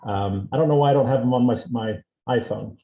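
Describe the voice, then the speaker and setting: A man teaching a seminar on assistive technology, explaining a device demonstration step by step in a relaxed way. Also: medium pitch, brisk, narrow, tinny audio. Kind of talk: instructional demonstration. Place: indoor seminar room. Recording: roomy echo.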